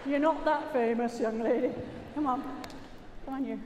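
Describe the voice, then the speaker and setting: A woman's voice: high voice, moderate pace, dull audio, background noise. A British woman giving a gundog training demonstration, chatting jokily with the crowd and praising her dogs as she explains. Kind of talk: live commentary over a loudspeaker. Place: large indoor arena. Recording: echoey arena PA from far off.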